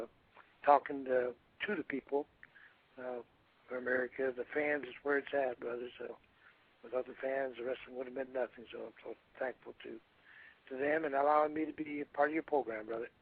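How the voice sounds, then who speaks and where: Older male guest, husky voice, rambling phone-in chat, tinny line. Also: mid-range voice, little pitch movement. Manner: rambling, halting, calls hosts "brother". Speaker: guest, retired wrestler. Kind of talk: phone-in radio interview.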